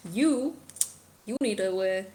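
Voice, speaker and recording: A woman's voice: medium pitch, expressive, slow pace, dark tone, slight background noise. A woman voicing a spiteful spectral father figure who berates his children, with a put-on British accent. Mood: berating. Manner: sneering, berating, scornful.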